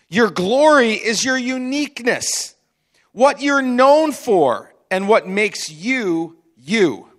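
A man's voice: high-pitched, a bit bright. A man preaching a sermon as pastor, in a chatty, conversational way with frequent asides and restarts.

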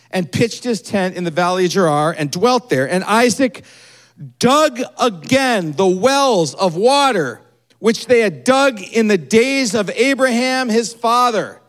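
A man preaching a sermon, retelling a story and acting out its people with quick changes in his voice. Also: sits high. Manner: animated, acts out the people in the story with quick shifts in voice. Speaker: pastor.

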